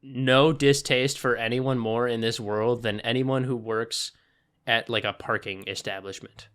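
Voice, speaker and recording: A young man co-hosting a podcast in casual chat, animated and swearing often as he tells stories. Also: mid-range voice, clean tone. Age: young adult. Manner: animated, swears a lot, quick storytelling. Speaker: podcast co-host.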